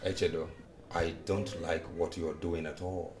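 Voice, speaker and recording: A deep-voiced, firm Nigerian friend. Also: male voice, little pitch movement, a little slow, echoey room, noisy background. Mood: earnest. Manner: firm, scolding. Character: blunt friend defending his girlfriend.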